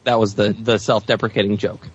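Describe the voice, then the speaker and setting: A man's voice: fairly low pitch, flat delivery, a little fast, lo-fi sound, slight background noise. A man co-hosting a podcast in casual chat, joking dryly at his own expense. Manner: dry, self-deprecating joking. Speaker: podcast co-host.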